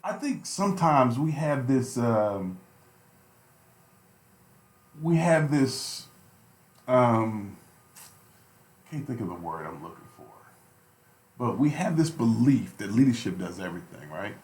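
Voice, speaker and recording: A man's voice: mid-range voice, big pitch swings, slow, long pauses, darkish tone, roomy sound. Impassioned man on talk radio. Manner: impassioned, preachy, repeats phrases for emphasis. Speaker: radio show co-host. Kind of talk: heated talk radio discussion.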